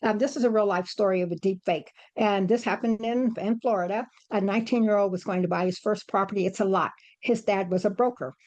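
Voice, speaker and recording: Woman trainer, brisk and insistent presentation delivery. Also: medium pitch, darkish tone. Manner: rapid, urgent, emphatic. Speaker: real estate trainer. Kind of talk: fast-paced presentation.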